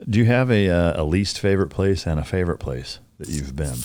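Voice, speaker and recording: A man with a deep, low voice hosts a podcast, tossing out casual questions in an easygoing tone. He swears freely and keeps it conversational on a studio mic. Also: expressive, fairly quick, a little mellow. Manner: easygoing, profane, short affirmations. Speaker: podcast host. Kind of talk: casual interview chat.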